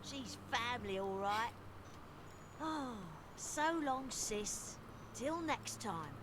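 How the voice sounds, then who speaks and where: Cheeky mechanic gal. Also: female voice, a little high, animated, slow, background noise. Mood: breezy. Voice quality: slangy, chatty. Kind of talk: video game dialogue.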